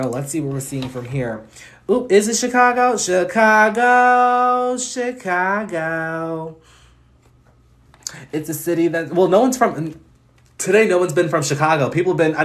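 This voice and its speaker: Chatty man reading astrology charts. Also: on the high side. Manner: chatty, laughs often, reads chart placements in a quick list. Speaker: astrologer hosting a live stream. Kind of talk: casual live-stream astrology reading.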